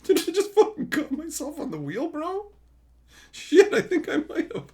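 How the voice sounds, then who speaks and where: A man's voice: extremely high pitch, moderate pace, noisy background. A man live-streaming as he opens card packs, chatting casually and hurling profane, mock insults with frequent laughs. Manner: excitable, laughs often.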